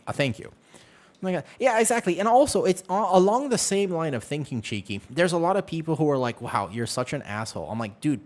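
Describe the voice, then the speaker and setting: A young man streaming a video game, joking and chatting with his viewers in a casual, animated way. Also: mid-range voice. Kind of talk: casual gaming stream chat.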